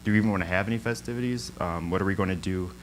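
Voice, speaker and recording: A man's voice: sits low, racing, slight background noise, rough recording. A young man speaking as a guest at a church, telling a story in an informal sermon, with lots of ums and frequent laughs. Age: young adult. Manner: chatty, many ums, laughs often.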